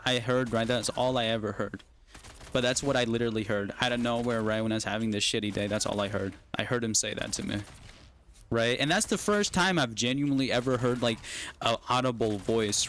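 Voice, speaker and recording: A man's voice: mid-range voice, a bit bright, slight background noise. A young man telling a long personal story on a casual stream, rambling and tagging nearly every phrase with "right?". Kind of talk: casual chat while gaming on a stream.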